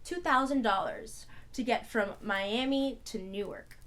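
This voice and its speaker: A young adult woman co-hosting a podcast, telling a long story in casual chat, rambling and animated with constant "like" fillers. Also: fairly high pitch, measured pace. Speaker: podcast co-host.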